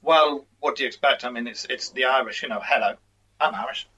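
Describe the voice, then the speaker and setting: A man co-hosting a podcast, chiming in with quick joking remarks. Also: mid-range voice, pushed and bright, poor audio. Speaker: podcast co-host. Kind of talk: casual chat.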